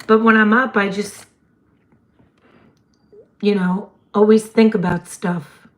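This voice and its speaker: A woman, hosting a casual livestream chat in a slightly hoarse voice and laughing often. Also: medium pitch, fairly even intonation, slow pace. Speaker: livestream host.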